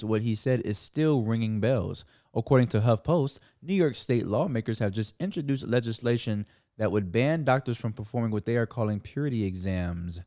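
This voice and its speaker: A man's voice: lowish voice, dark tone. A man co-hosting a casual podcast, blunt and laughing often as he reads comments. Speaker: podcast co-host. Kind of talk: casual chat, reading listener comments.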